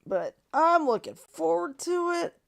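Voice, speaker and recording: A woman co-hosting a relaxed chat show, talking with animated energy. Her pitch swoops widely and she laughs between thoughts. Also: a little slow, vocal fry. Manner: animated, laughs often, quotes cartoon lines. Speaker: podcast co-host. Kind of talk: casual chat.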